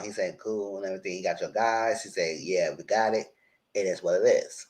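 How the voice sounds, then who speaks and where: A man hosting a casual live recap, retelling scenes in a loose, animated way and quoting the characters as he goes. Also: low voice. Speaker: TV recap host.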